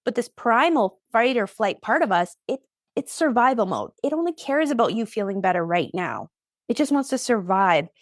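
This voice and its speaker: A woman therapist and coach talking in a podcast interview, energetic and emphatic, speeding up in quick bursts. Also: mid-range voice, no echo, clean studio sound. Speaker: ADHD therapist and coach, guest.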